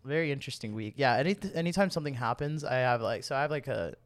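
A man co-hosting a casual chat podcast, telling quick stories and laughing often. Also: mid-range voice, expressive. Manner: chatty storyteller, laughs often. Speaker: podcast co-host.

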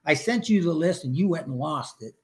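A man's voice: fairly high pitch, lively intonation, fairly quick, darkish tone. An older man sharing his personal faith story in a podcast interview, earnest and emotional, acting out his prayers.

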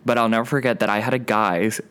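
A young man co-hosts a casual podcast chat in a lowish voice. He tells stories in an animated way, swears freely and laughs often. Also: quick pace, clear, resonant tone. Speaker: podcast co-host.

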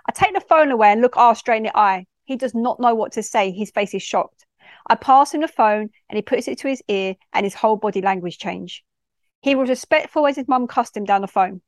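Woman telling her story, direct no-nonsense, bit high voice, dry close mic. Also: fairly quick, dry recording. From London. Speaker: youth worker. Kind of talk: reading a personal story.

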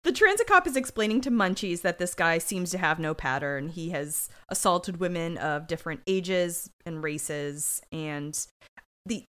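A woman's voice: lowish voice, measured pace. Blunt woman cohost, voice jumps all over the place, chatty. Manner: blunt, animated banter. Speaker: podcast co-host. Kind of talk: casual recap chat.

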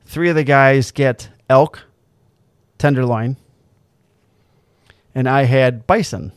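Animated man telling a story, dry mic. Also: medium pitch, takes it slowly, clear, resonant tone, no room sound. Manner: animated storyteller, swears freely, acts out quotes. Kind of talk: casual storytelling chat.

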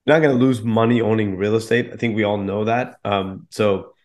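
Low-voiced man explaining his investing plainly. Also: steady tone, a little fast, a little mellow. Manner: confident explaining with casual fillers. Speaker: real estate investor guest. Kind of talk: podcast interview.

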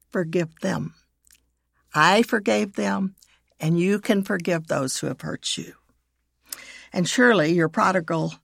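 A woman hosts a devotional podcast in a slightly low, gravelly voice. She speaks very slowly and gently as she reads scripture and prayers aloud. The recording is dry and close. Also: dry recording. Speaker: podcast host. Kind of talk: devotional teaching with read prayers.

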